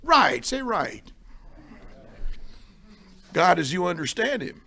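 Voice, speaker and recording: Blunt, street-talking male meeting speaker with a bright, high voice; drops to murmurs, then punches lines loud. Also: big pitch swings, slow pace, creaky. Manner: swings from low murmurs to loud emphatic bursts. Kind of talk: motivational talk at a recovery meeting.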